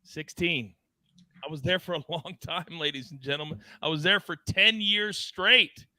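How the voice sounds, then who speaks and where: Male sports-betting host: very bright, fairly high voice, dry close sound, lively teasing banter. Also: moderate pace, dry recording. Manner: animated, storytelling, teasing co-hosts.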